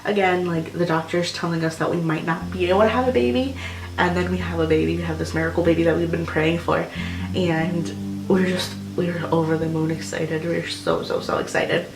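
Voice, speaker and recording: A woman's voice: fairly low pitch, normal speed, distant mic. A young woman vlogger telling a personal story in a rambling way, full of fillers like "like" and "um". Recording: roomy echo with music behind.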